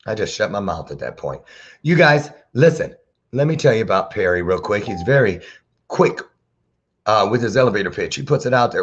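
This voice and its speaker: Male talk show host, playful preacher-ish banter, animated pitch, muffled lo-fi call audio. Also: a little fast, breathy edge. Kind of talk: casual interview chat. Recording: dull lo-fi sound.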